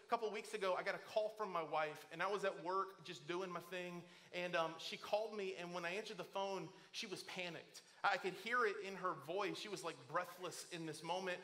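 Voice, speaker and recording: Middle-aged male pastor, high, bright and forceful, animated storyteller who acts out the voices in his stories. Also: fairly quick, few pauses. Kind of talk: sermon. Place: church auditorium.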